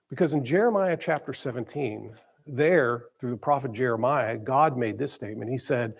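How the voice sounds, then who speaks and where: A man, a church pastor, preaching conversationally with stumbles and repeated words, slowing down to stress key phrases. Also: mid-range voice, animated, gravelly, slightly rough. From grew up in a small town. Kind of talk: sermon. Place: church sanctuary.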